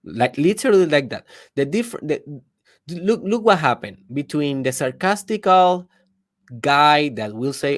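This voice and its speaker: On his personal development podcast, a man with a voice on the high side speaks unhurriedly with big pitch swings. His emphatic motivational monologue shifts between loud outbursts and quiet asides, and he asks the listener rhetorical questions.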